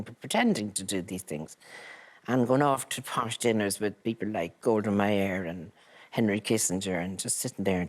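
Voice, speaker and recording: A woman's voice: rumbling low, a little mellow, slightly rough. An older Irish woman, a guest in a casual chat, telling stories with dry wit and laughter. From Ireland.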